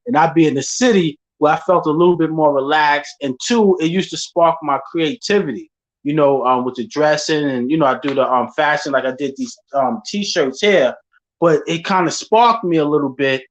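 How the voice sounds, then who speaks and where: A man's voice: on the high side, normal speed. A man hosting a casual talk, speaking in laid-back street slang and telling stories from his life. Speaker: podcast host. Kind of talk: casual chat. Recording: dull lo-fi sound.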